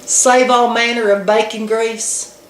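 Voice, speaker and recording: A woman's voice: a little high, flat delivery, slow, reverberant, low-quality recording. A woman from Alabama with a Southern accent who co-hosts a casual chat, telling folksy stories with dry humor. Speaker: co-host.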